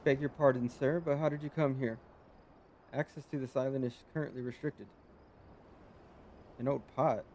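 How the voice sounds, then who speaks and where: A man's voice: mid-range voice, darkish tone, natural voice. A man reading the lines of a polite, worried male lighthouse guard in a video game, formal and explanatory.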